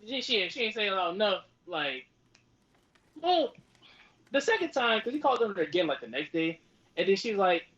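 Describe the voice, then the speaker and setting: Young male podcast co-host, animated and profane, dull lo-fi audio. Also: high voice, brisk, long pauses. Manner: loose, profane storytelling with acted-out quotes. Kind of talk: casual podcast chat.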